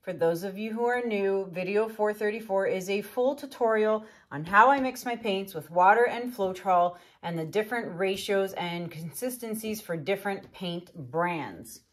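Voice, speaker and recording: A woman's voice: mid-range voice, moderate pace, few pauses. A woman hosting her own painting channel, talking casually and upbeat to viewers, with lots of filler words. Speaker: acrylic pour artist and channel host. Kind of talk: casual tutorial vlog.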